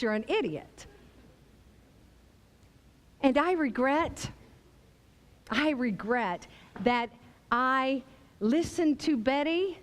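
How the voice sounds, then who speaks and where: High-voiced, unhurried woman keynote speaker. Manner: theatrical, emphatic, engages audience with call-and-response. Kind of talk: motivational keynote speech.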